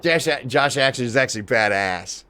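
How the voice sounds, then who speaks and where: A man chatting casually on a live stream, excitable and swearing, shouting out viewers in chat. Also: mid-range voice, normal speed, slight background noise. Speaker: livestreamer.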